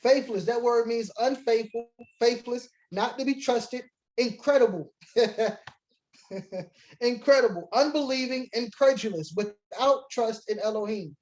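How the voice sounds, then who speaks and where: A man's voice: very high voice, unhurried, darkish tone, dull audio. Man preaching an emphatic Bible lesson. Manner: emphatic preaching mixed with casual asides; reads scripture aloud and defines words. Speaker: teacher leading a congregation lesson. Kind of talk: sermon-style Bible lesson.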